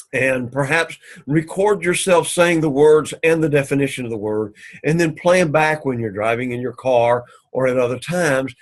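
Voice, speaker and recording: A man teaching an introductory Greek class, explaining line by line and sounding out Greek words slowly and carefully. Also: mid-range voice, low-quality recording. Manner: methodical, repeats "so again", slow careful Greek pronunciation. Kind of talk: recorded class lecture.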